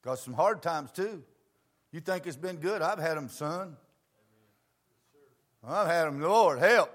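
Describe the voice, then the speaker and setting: Older preacher, high-pitched, folksy. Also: male voice, lively intonation, slow. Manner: folksy storytelling, swings from quiet asides to shouting. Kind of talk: sermon.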